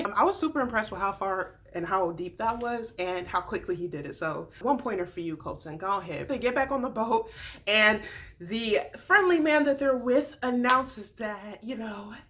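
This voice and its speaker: A woman giving a casual, animated TV recap as a vlogger, slangy and quick to laugh. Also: mid-range voice.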